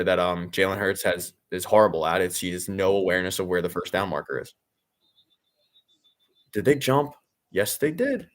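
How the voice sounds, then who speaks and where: A man hosting a watch-along, reacting to the game live with sarcastic, exasperated and profane commentary that rambles with fillers and restarts. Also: sits low.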